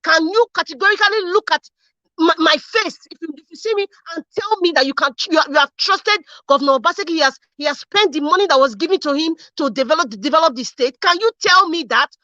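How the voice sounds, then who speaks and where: A woman's voice: extremely high pitch, fast, pushed and bright, no room sound. A young Nigerian woman from Edo State hosting a political commentary vlog, angry and fiery, firing off rhetorical questions and repeating herself. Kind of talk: impassioned political rant. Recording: dull lo-fi sound.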